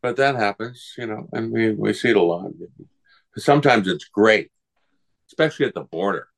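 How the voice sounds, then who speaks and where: A man's voice: fairly low pitch, moderate pace, gravelly. An older man, a guest voice actor, telling rambling anecdotes in a casual interview and acting out the people he quotes.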